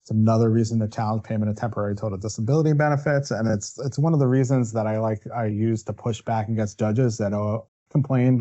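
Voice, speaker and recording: A man's voice: fairly low pitch, fairly even intonation, fast, few pauses, dark tone, muffled recording. A man presenting a legal webinar as a defense attorney. He walks through the steps one by one and checks in with asides like "right?". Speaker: workers' compensation defense attorney.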